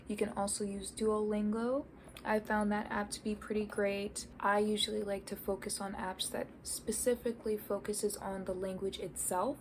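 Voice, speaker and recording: A woman's voice: medium pitch, slight background noise. An American woman vlogging casually about learning a language, earnest and encouraging as she shares tips. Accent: American English. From United States. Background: background music.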